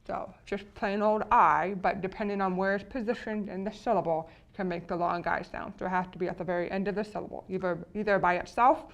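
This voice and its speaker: A woman's voice: mid-range voice, steady tone, quick pace, hardly any pauses, highs cut off. A woman teacher explaining phonics spelling patterns, often checking in with "right?". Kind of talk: phonics lecture.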